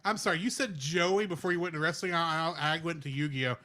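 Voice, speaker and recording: A man co-hosting a podcast, chatting casually in an animated, rambling way. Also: on the high side, quick pace. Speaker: podcast co-host. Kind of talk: casual chat.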